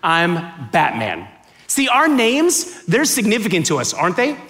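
A high-pitched man from Miami delivers a lively, joke-filled sermon in a church auditorium. He acts out little exchanges with different voices, playing to a live crowd. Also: normal speed. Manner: animated, joking, acts out dialogue. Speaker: guest preacher. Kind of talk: sermon with comic storytelling.

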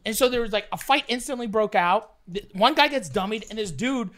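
High-voiced, animated and fairly quick, this man from Canada tells a rambling, profane story on a laid-back podcast. He imitates other people, punctuating the voices with loud yelps.

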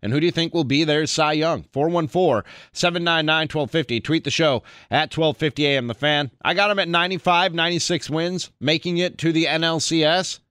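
A man hosting a sports talk radio show, chatty and energetic. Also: a little high, smooth, dry recording, studio quality. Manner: energetic, chatty, quick to laugh.

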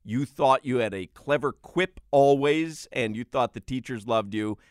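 A man's voice: mid-range voice, a little slow, no room sound, clean studio sound. A man co-hosting a sports talk show, ribbing his colleagues in casual banter with a teasing, mock-serious manner. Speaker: sports radio co-host.

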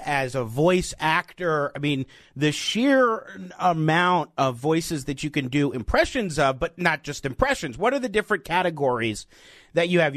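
A man's voice: on the high side, fairly bright tone, no room sound. Male radio host with a dry voice. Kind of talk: radio interview.

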